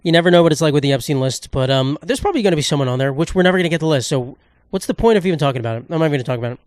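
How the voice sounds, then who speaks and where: A man's voice: on the high side, animated, very fast, no room sound, studio quality. A man hosting a solo podcast, ranting in a rambling, sarcastic, profane way and cutting himself off mid-thought. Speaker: podcast host.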